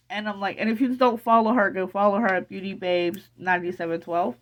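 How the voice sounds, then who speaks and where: A middle-aged woman in an emotional casual vlog, excited and teary, rambling with many restarts. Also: mid-range voice, a little fast, hardly any pauses, muffled recording. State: teary from crying. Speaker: vlogger.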